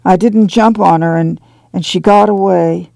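A man reading the lines of a guilt-ridden farmer uncle, speaking slowly and sadly in rural dialect. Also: high-pitched, steady tone, gravelly, a little mellow, no room sound. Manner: slow, sad, rural dialect.

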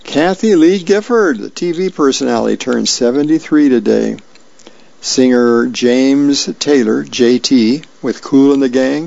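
Gravelly-voiced man reading aloud. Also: medium pitch, a little mellow, no echo, dull audio. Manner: plain, friendly reading with small slips. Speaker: volunteer reader. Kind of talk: reading newspaper comics and birthdays aloud.

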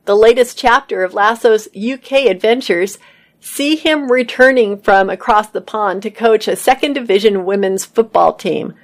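Woman news reader, mid pitch, steady read-aloud pacing, entertainment stories. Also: moderate pace. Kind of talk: reading news articles aloud.

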